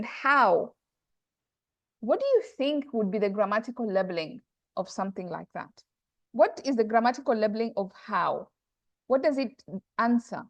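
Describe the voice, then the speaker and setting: A woman's voice: a little high, expressive, normal speed, dry recording. A woman teaching Arabic grammar in an online class, thinking aloud, correcting herself and checking in with her students.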